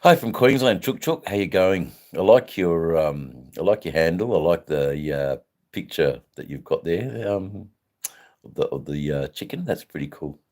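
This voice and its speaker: A man's voice: sits low, animated, normal speed, darkish tone. An older man with an Australian accent, chatting casually and rambling on a livestream, reading out and answering viewers' comments. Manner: laid-back, rambling with many fillers. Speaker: livestream host answering chat. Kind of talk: casual live chat.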